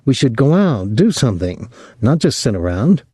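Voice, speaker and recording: A man's voice: mid-range voice, very animated, normal speed, mellow, slightly rough, no echo, studio quality, pitched above the performer's own voice. A man reading the lines of a restless young man who argues stubbornly and pleads. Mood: earnest.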